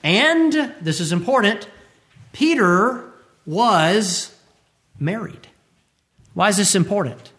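A man's voice: high-pitched, expressive, takes it slowly, long pauses, fairly bright tone. A tired male preacher giving a sermon, who acts out the scripture quotes he tells.

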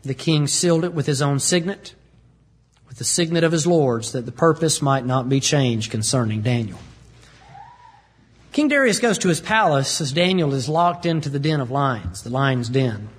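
A man's voice: mid-range voice, expressive, normal speed, slightly rough. A man preaching a sermon, emphatic and repetitive as he explains scripture plainly.

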